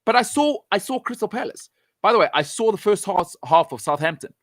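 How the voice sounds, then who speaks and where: A man's voice: high-pitched, lively intonation, fairly quick, fairly bright tone, dry recording. A man giving blunt, emphatic football opinions, speaking straight at the fans and hammering his points by repeating them. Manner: direct address to fans. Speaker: football pundit. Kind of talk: opinionated sports talk.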